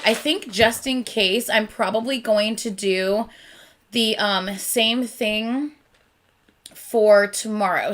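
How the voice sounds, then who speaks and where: A woman hosting a casual live stream, chatty and rambling, easily excited and quick to laugh. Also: mid-range voice. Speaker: reaction channel host.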